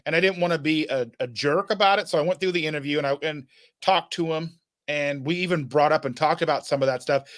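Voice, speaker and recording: Male podcast host, slightly high voice, loose and rambling, lots of "like" and restarts. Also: fast talker, fairly bright tone. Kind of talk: casual chat.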